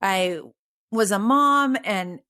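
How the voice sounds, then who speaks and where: A woman hosting a podcast, speaking in a thoughtful, measured way as she reflects on her own experience. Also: mid-range voice, bright, forceful tone, smooth. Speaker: podcast host. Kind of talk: reflective conversational interview.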